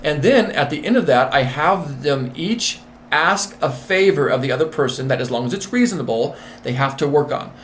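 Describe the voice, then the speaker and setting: A man being interviewed as a nurse manager and executive coach, talking in an emphatic, repetitive, animated way. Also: fairly high pitch, moderate pace, a little hiss or hum.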